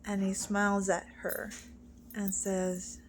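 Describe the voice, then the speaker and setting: A woman casually telling a joke she heard, halting with fillers and restarts as she goes. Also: mid-range voice, monotone, a little hiss or hum. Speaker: storyteller.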